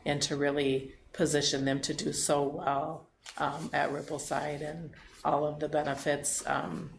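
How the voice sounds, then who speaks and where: A woman's voice: deep voice, flat delivery, unhurried, gravelly, a little hiss or hum. A woman on a school board thanking a departing staff member, speaking earnestly and appreciatively. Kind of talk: meeting remarks. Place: school board meeting room. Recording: echoey meeting room.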